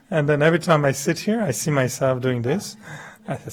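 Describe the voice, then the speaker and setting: A middle-aged man, not a native English speaker, gives a chatty, humorous spiritual talk as a meditation teacher. He laughs often at himself and acts out quoted dialogue with big jumps in pitch. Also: very animated, measured pace, pauses often.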